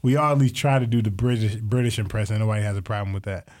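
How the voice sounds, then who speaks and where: A man in casual chat with friends, blunt and quick with profane interjections. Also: lowish voice, darkish tone. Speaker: podcast co-host.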